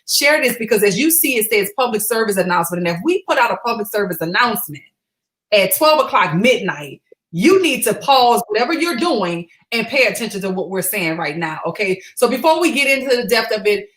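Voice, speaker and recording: A woman's voice: medium pitch, lively intonation, brisk, fairly bright tone. A woman hosting a late-night livestream, upbeat and chatty, rallying her viewers. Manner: upbeat, hype-building, calls out to viewers. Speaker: livestream host. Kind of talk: casual livestream chat.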